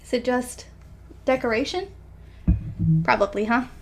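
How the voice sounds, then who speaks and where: Giggly, high-voiced woman gamer. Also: animated, measured pace, slight background noise. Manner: giggly, chatty, reads the story aloud. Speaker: gaming channel host. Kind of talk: let's play commentary.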